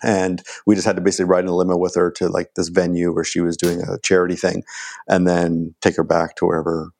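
A man's voice: low voice, monotone, fast, gravelly, a little mellow, a little hiss or hum. A middle-aged man casually telling a long anecdote as a podcast guest, full of "like" and restarts, acting out quoted dialogue in a raised voice. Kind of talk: casual storytelling.

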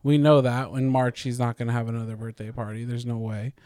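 This is a man in his thirties co-hosting a podcast. His voice is smooth and resonant, at an ordinary middle pitch. He talks in a loose, rambling way, with plenty of likes and casual swearing, and the recording is dry and close. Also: flat delivery, brisk, warm tone, dry recording. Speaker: podcast co-host. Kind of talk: casual chat.

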